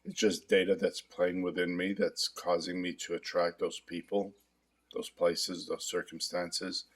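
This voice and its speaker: A middle-aged man guiding a self-help tapping session, speaking in a calm, confessional way with repeated affirmations. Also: low-pitched, unhurried. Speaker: hypnotherapist demonstrating tapping. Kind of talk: guided self-help demonstration.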